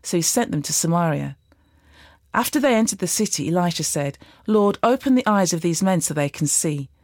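A woman giving a measured, steady scripted reading of scripture. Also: on the low side, dry recording, clean studio sound. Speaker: Bible reader.

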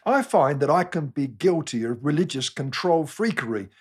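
Wry, husky-voiced English preacher. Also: male voice, fairly high pitch, big pitch swings, normal speed. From England. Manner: wry, self-deprecating storytelling. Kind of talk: scripted sermon talk with humorous anecdotes.

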